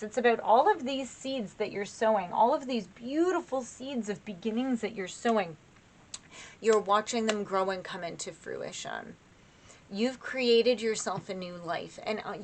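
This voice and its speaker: A woman giving a casual spoken tarot reading, chatty and encouraging, talking straight to her viewers with loose phrasing. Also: on the high side. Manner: chatty and encouraging, addresses viewers as "you guys"; loose, with frequent fillers and restarts. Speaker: tarot reader.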